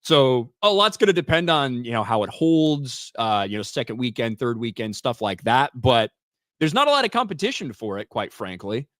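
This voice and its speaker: A man's voice: medium pitch, very animated, moderate pace, a bit bright, no echo, studio quality. A young man co-hosting a casual podcast chat, blunt and dismissive, swearing freely. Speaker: co-host.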